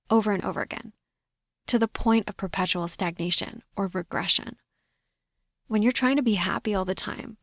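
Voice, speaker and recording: A woman hosting a solo podcast, talking in a measured, reflective coaching tone. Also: mid-range voice, no echo, studio quality. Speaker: podcast host.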